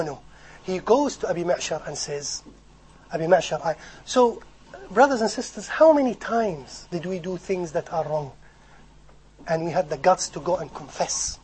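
Husky guy preaching, gets loud then goes soft, acts out quotes, throws in some arabic. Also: high-pitched, moderate pace, pauses often, rough recording. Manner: animated, swinging between loud emphasis and soft asides. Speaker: Islamic preacher. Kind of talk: sermon on hadith scholars.

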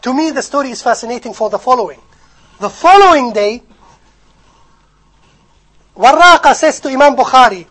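A man preaching a sermon, animated, swinging from loud emphasis to soft asides and acting out quoted speech. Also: very high-pitched, normal speed, pauses often, poor audio. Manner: acts out quoted speech and recites in Arabic. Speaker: Islamic preacher. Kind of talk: sermon on hadith scholars.

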